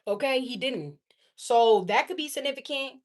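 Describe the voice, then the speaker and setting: Tarot lady just talking, cussing and laughing, kinda high voice. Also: moderate pace. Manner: blunt, slangy, profane and animated, laughs often. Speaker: tarot reader. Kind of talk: casual tarot reading monologue.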